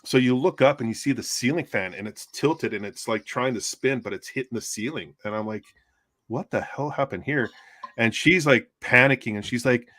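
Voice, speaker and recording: A man's voice: medium pitch, fairly quick, few pauses, bright, forceful tone, no room sound. A man casually telling a story from a call he worked, acting out voices and laughing often. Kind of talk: casual storytelling among friends. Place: home art studio, on a livestream.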